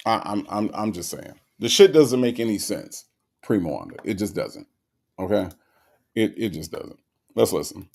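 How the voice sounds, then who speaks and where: A man's voice: on the low side, lively intonation, moderate pace, creaky, darkish tone. Ranting man hosting a live stream. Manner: emphatic, repetitive, sarcastic ranting. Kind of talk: casual commentary to chat.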